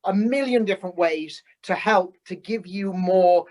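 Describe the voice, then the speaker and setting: A man's voice: high-pitched, a little slow, low-quality recording. Earnest male physician guest explaining. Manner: earnest, explanatory, repeats words as he starts sentences. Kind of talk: conversational podcast interview.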